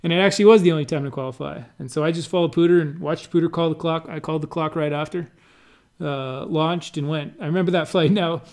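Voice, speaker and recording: A man's voice: on the high side, a little mellow. Here is a man with a slightly raised voice telling a friend about flying in an air race. He speaks in a loose, conversational way, full of fillers and false starts, and breaks into the odd laugh as he remembers. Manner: halting, many restarts and fillers, laughs while telling. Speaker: pilot recounting an air race event. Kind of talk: casual conversational recollection.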